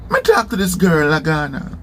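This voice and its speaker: A man's voice: a little high, normal speed, a little hiss or hum. A man from Jamaica with a Jamaican patois accent, telling a story casually and checking in with the listener often. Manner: animated, keeps checking in with "seen?".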